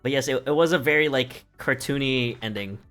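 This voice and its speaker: A man's voice: mid-range voice, a little fast, a bit bright, soft background music. A man recapping a play on a live stream in casual talk, rambling and profane and laughing often.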